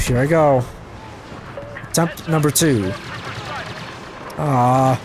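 A young man giving casual, self-mocking commentary over his gameplay, his voice jumping high when things go wrong. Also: fairly even intonation, extremely slow, pauses often, noisy background. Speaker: gaming channel host. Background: game music and gunfire.

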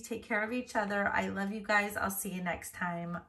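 A woman's voice: mid-range voice, moderate pace, few pauses, pushed and bright. A woman hosting an unboxing vlog, gushing with gasps and effusive thanks, teary-eyed and emotional. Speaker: reborn doll artist and channel host.

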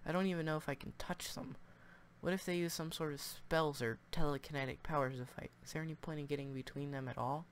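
A man's voice: a little high, fairly even intonation, fast, slight background noise. A man reading a visual novel aloud in a casual playthrough, with chatty, jokey asides. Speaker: gaming video host.

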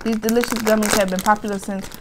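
A woman's voice: medium pitch, flat delivery, quick pace. A young woman co-hosting a casual snack taste-test, teasing her partner and reading package labels aloud, with packaging crinkling around her. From United States. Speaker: co-host of snack review channel. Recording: wrapper crinkling noise throughout.

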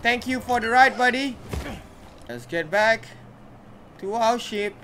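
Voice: medium pitch, slow pace, pushed and bright, a little hiss or hum. A gamer giving casual commentary while playing, chatting to the characters and reacting aloud.

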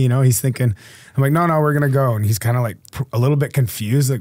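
A man's voice: mid-range voice, quick pace, a little mellow, no echo. A man in his thirties, a hockey player guest, telling stories in casual chat and acting out the lines of the people in them. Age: 30s. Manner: laid-back, acts out quoted lines in his stories. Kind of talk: casual storytelling.

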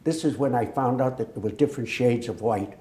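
An older man from Massachusetts tells war stories as a veteran being interviewed for an oral history. His mid-range voice moves fairly quickly, and he acts out quoted dialogue like a lively storyteller. The room he's recorded in is echoey.

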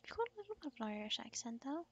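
A woman's voice: high-pitched, big pitch swings, very fast, fairly bright tone, lo-fi sound, a little hiss or hum. A woman from the United States hosting a casual gaming stream, giggling often and teasing playfully. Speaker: streamer host.

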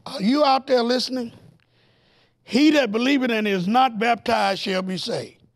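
A man with an unusually high, gravelly, fried-sounding voice preaches a Bible lesson on TV at a normal speed. He drives each point home, throws rhetorical questions at the audience, and builds to excited highs that are close to shouting.

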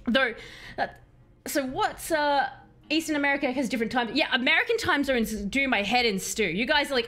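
A woman's voice: high-pitched, fairly bright tone. A woman with an Australian accent that at times turns British, chatting casually with viewers and giggling while playing a game on stream. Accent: Australian, at times British-tinged.

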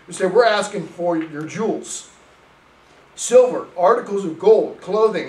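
Male pastor, sermon delivery, animated storyteller, roomy church sound. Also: high-pitched, distant mic. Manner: animated storytelling, reads scripture aloud. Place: church sanctuary.

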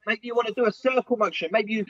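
For a comedy sketch, a man plays a big, earnest, clueless self-styled diet guru whose instructive patter is packed with "yeah?" and "right?". His voice is high-pitched, fast, and a bit bright. The audio is dull, with no room sound.

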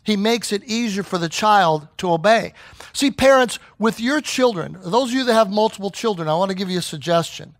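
A man's voice: sits high, fairly quick, no echo. A middle-aged man preaching a sermon as pastor, telling stories and acting out the voices he quotes. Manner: animated storyteller who acts out quoted voices.

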